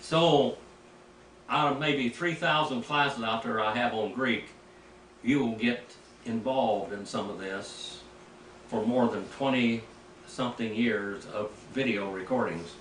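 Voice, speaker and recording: An older man, a preacher, teaching Greek in a rambling, anecdotal way, clearing his throat now and then. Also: mid-range voice, takes it slowly, a bit bright. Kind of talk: informal teaching sermon. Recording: echoey room, mic at a distance, faint background noise.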